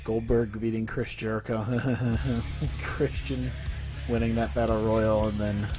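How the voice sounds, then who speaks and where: A man's voice: on the low side, flat delivery, unhurried, music in the background. A man streaming a wrestling video game, giving live commentary full of swearing and exasperated rants at the game. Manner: profane, exasperated ranting at the game.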